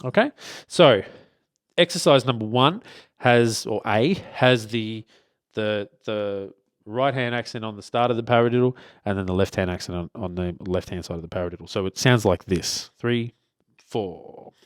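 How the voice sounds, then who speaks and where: A man's voice: fairly low pitch, normal speed, dry recording. Laid-back male drum instructor, casual and chatty, dry close mic. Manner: relaxed, many fillers and restarts, checks in with "okay?". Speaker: drum teacher. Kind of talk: casual spoken lesson. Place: drum studio beside a drum kit.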